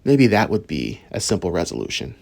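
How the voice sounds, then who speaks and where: A man's voice: low voice, big pitch swings, brisk, gravelly, darkish tone. Blunt scolding male commentator. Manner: blunt and scolding, addresses the viewers directly. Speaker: reaction video host. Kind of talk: commentary on a clip.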